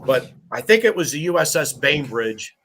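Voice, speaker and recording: Gravelly, bright-voiced firefighter telling war stories. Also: male voice, a little high, moderate pace. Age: 50s. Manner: animated, laughing, swearing storyteller. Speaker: podcast guest, firefighter lieutenant. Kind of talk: casual storytelling.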